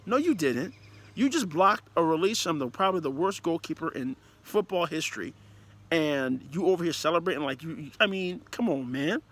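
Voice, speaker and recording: A man's voice: on the high side, moderate pace. A man giving a casual, emphatic and rambling review of a football match, talking as a player and manager. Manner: animated, emphatic, rambling with restarts. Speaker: football commentator.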